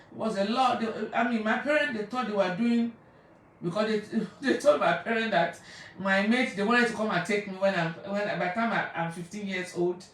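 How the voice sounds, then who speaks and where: A woman telling stories in a rambling, chatty way on a live stream, laughing often and stopping to greet viewers. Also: medium pitch. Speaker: spiritual practitioner. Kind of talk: casual storytelling on a live stream. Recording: very echoey room, far from mic.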